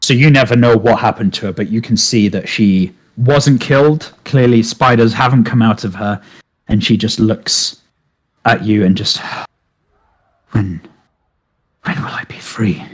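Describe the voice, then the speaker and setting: A man narrating as game master of a tabletop game, relaxed and hesitant with many fillers. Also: mid-range voice, moderate pace.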